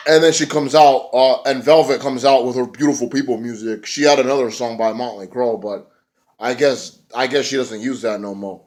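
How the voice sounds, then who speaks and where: A man's voice: mid-range voice, fairly even intonation, normal speed, a little mellow. A man giving a casual, rambling recap of a wrestling show, with swearing and many fillers.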